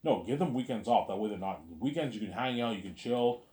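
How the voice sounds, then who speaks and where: A man's voice: medium pitch, animated, brisk, warm tone. A man vlogging a late-night monologue, meandering and repeating himself, restarting sentences and saying "obviously" again and again.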